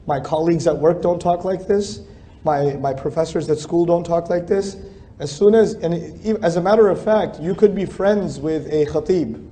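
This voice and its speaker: A man's voice: a little high, mellow, slight background noise. A middle-aged man giving a religious lecture in a conversational, emphatic way, repeating phrases for stress. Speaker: Islamic speaker.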